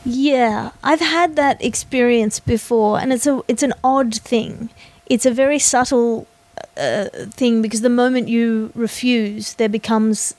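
A woman's voice: a little high, a little slow, a little mellow, no room sound. A woman in casual chat sharing a similar experience in a thoughtful, conciliatory way. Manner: reflective, conciliatory.

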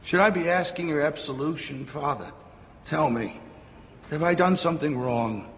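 A man's voice: fairly high pitch, moderate pace, fairly bright tone, long reverb tail, slight background noise, voice pushed up, lightly acted. A man voicing an anxious pleading woman. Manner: pleading, questioning. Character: anxious woman seeking a priest's forgiveness.

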